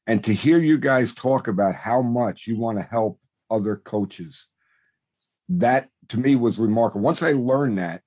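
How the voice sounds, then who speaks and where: A man's voice: mid-range voice, a little slow, a little mellow, breathy edge. A man hosting a baseball podcast, affirming his guest and asking thoughtful questions. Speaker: podcast host. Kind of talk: podcast interview.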